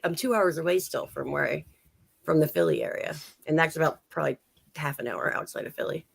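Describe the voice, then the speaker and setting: A woman chatting casually on a stream, with lots of "like" fillers and a gravelly voice. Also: sits low, very animated, fairly quick. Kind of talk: casual chat.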